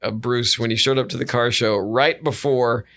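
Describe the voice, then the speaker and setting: A middle-aged man, a guest comedian on a podcast, telling anecdotes casually with halting fillers and restarts, and acting out quoted dialogue. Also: medium pitch, fairly even intonation, a bit bright. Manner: acts out quoted dialogue with a raised voice.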